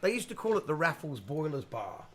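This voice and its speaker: A man from England spins stories in a loose, casual chat, his voice high and swinging all over the place. He laughs easily and swears freely. There are crowd sounds in the background. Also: fairly quick. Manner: animated, laughing storyteller, swears. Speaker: musician guest.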